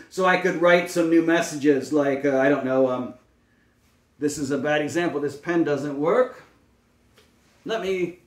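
A man working as a speech-language pathologist, giving a patient step-by-step demonstration with frequent fillers. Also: a little high. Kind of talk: instructional demonstration. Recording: roomy, mic at a distance.

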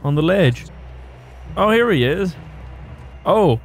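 A man's voice: sits high, lively intonation, slow pace. A man giving jokey let's-play commentary while playing a video game, laughing often. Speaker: gaming YouTuber. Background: faint game music.

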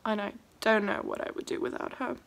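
In an emotional personal vlog, a crying young woman talks about her first song, laughing through tears and overwhelmed. Her creaky voice is mid-range, her intonation fairly even, and her pace fairly quick.

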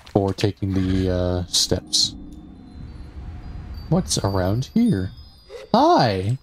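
This gaming streamer talks slowly in a low, sing-song voice, meandering through stories packed with fillers and asides as he plays. His casual commentary has slight background noise.

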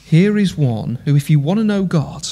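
A man's voice: on the high side, animated, normal speed, warm tone. A man preaching an impassioned sermon in a church, full of rhetorical questions. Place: church hall. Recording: long church hall reverb.

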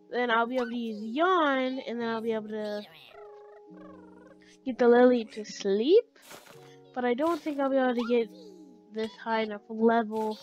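A woman's voice: a little high, poor audio. A woman giving chatty let's play commentary, talking to her game characters as she plays. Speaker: gamer.

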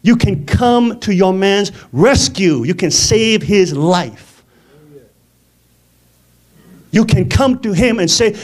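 A man preaching a lively sermon in a conversational way, often laughing and asking the congregation questions. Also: high voice, slow pace, pauses often.

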